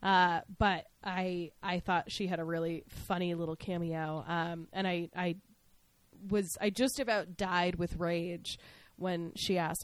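A woman co-hosting a podcast, chatting casually as she recaps a TV episode, outspoken and animated, acting out the characters' lines. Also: lowish voice, a little slow. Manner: animated, outspoken, acts out scenes. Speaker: podcast co-host.

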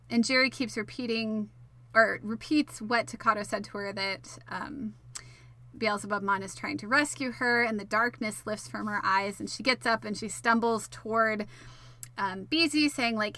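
Bright, wry woman recapping an episode. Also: mid-range voice, normal speed. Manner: wry asides, filler-heavy, swears. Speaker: show recapper.

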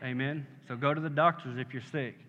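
A man's voice: medium pitch, fairly even intonation, fast, pushed and bright. A man preaching a sermon as pastor. He builds to emphatic peaks and keeps asking his congregation "Amen?". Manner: rising to emphatic call-and-response, asking "Amen?". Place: church sanctuary. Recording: muffled sound with long hall reverb.

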